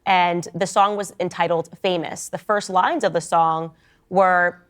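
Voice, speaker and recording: A woman's voice: fairly low pitch, steady tone, measured pace, a bit bright, clean tone. A woman giving opinionated commentary in an assertive, lecturing way as she walks through a story. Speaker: political commentator.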